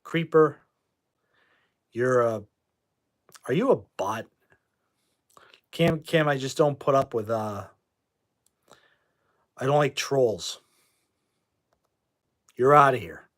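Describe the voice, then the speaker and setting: A man's voice: medium pitch, slow, long pauses. A man from New England hosting a casual livestream, answering viewer comments and bluntly kicking out trolls as he rambles. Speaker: livestream host.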